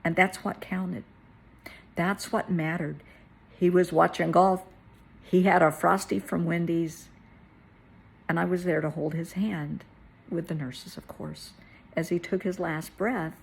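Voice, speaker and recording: A middle-aged woman, a therapist, telling a personal story in a soft, tearful way that at times falls to a whisper. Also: on the low side, fairly even intonation, measured pace, gravelly, long pauses, slightly rough. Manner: tearful, soft-spoken, drops to a whisper at moments.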